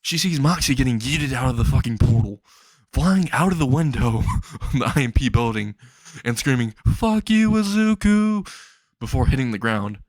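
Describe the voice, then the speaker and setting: A man casually narrating an improvised fan-fiction story, rambling and excitable, swearing freely and briefly voicing the characters. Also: medium pitch, normal speed, breathy edge, dry recording.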